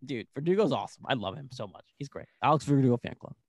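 A young man co-hosting a casual sports chat, excitable and rambling, full of "like". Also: mid-range voice, quick pace, no room sound, studio quality. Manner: excitable, rambling, heavy use of "like". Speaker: sports podcast co-host.

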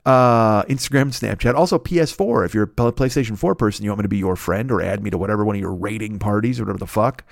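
A man's voice: on the low side, quick pace, gravelly, hardly any pauses, no echo, studio quality. Rambling, profane podcast host man. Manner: rambling, profane, self-mocking. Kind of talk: casual plugs and shout-outs.

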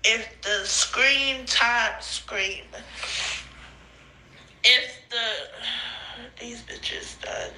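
A woman's voice: a little high, drawn-out words, pauses often, sharp tone, slight background noise, low-quality recording. A woman rambling in phone voice notes to a friend, swearing a lot, laughing and crying in turns and losing her train of thought. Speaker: podcast host sending voice notes. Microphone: phone voice memo.

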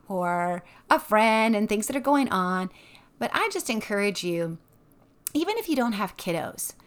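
A woman talking casually about her family's morning devotional routine in a bright, expressive way, laughing now and then. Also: a little high. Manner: upbeat and expressive, laughs often. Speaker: mom sharing a devotional routine. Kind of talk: casual tips talk.

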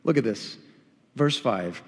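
A man's voice: medium pitch, lively intonation, slow pace, in a large hall. A male pastor preaching a sermon, emphatic and full of rhetorical questions, sometimes acting out what people would say.

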